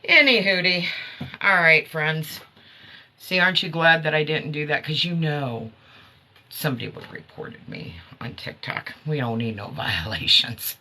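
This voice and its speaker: A woman's voice: low voice, unhurried, bright, forceful tone, slight background noise. A woman hosting a casual live stream, chatting with viewers about her herbal products, laughing often.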